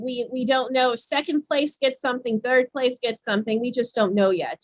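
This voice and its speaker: A woman's voice: a little high, a bit bright, no room sound. A woman co-hosting a podcast, giving a casual play-by-play recap of a reality competition episode with frequent restarts. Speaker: podcast co-host.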